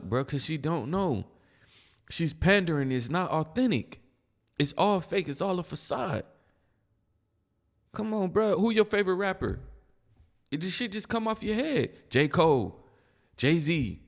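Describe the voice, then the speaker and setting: A man commenting bluntly and mockingly on video clips. His voice sits fairly high and swings up and down a lot. The recording carries a long hall reverb. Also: lively intonation, measured pace, long pauses. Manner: blunt, mocking, keeps saying "bro". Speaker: reaction video host.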